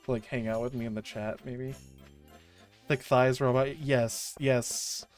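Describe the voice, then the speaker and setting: Gushing, slow-talking woman streamer. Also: extremely low pitch, faint music behind. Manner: gushing and excitable, with frequent restarts. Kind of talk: casual livestream chat.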